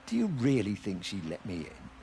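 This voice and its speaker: A man's voice: on the low side, wildly swooping pitch, moderate pace, creaky, mellow, slight background noise, full character voice. A blunt, dry village man. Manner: blunt, dryly sarcastic.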